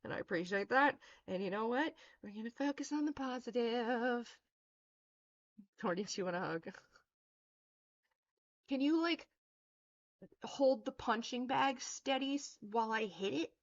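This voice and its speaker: A woman's voice: a little high, expressive, unhurried, pauses often, dull audio. A woman in her thirties on a livestream, ranting in a blunt, profane, confrontational way. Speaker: streamer.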